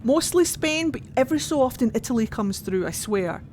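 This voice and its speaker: A woman's voice: a little high, lively intonation, a little fast, a little mellow, a little hiss or hum. A young Scottish woman streaming a game, chatting casually and animatedly, laughing often and swearing now and then. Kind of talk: casual gameplay commentary.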